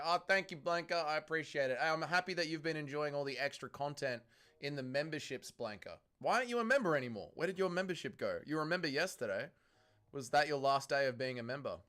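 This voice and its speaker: Australian man, young adult, livestream host, sweary casual chat, lively pitch. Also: clear, resonant tone. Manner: reads chat aloud, swears, yells at fights. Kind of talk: casual watch-along chat.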